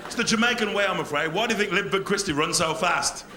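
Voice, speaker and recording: English guy doing live standup, high-ish voice, all over the place, noisy live tape. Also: fast. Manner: animated, swings between loud bursts and low mutters. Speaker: stand-up comedian.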